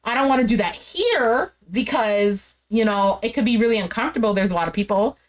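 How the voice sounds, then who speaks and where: A young woman casually recapping a dating show, chatty and animated, full of "like" and quoted dialogue. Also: on the high side, brisk. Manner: chatty, animated retelling with lots of "like". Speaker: recap streamer.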